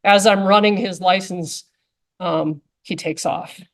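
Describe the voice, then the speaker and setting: A woman's voice: fairly low pitch, fairly even intonation, takes it slowly. A woman conservation officer telling a casual, anecdotal story to a club audience, with frequent fillers like "um" and "like". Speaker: conservation officer giving a talk.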